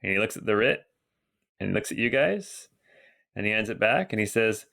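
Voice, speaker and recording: A man narrating as game master of a tabletop game, relaxed and rambling with many ums. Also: on the low side, brisk, vocal fry, pauses often.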